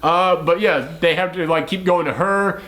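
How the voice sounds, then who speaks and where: A man's voice: high-pitched, normal speed, sharp tone. A man co-hosting a movie review podcast in casual, joking chat, swearing freely.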